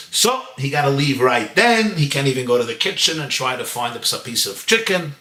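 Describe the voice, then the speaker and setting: A rabbi telling a story in a sermon, acting out the voices of the people in it. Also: male voice, mid-range voice, big pitch swings, normal speed, bright, forceful tone, reverberant. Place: home.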